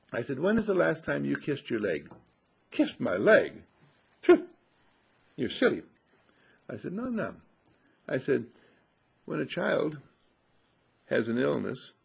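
Gravelly husky man telling a story. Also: medium pitch. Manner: folksy anecdotal storytelling with quoted dialogue. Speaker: radio host and healing teacher. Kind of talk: storytelling radio talk.

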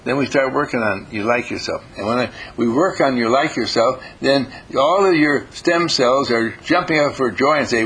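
An older man teaches a small group in a homespun, folksy way, his voice sitting at an ordinary middle pitch. He talks informally and lightens his points with playful quoted voices. A faint hiss runs underneath. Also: moderate pace, a bit bright, poor audio. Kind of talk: informal motivational talk.

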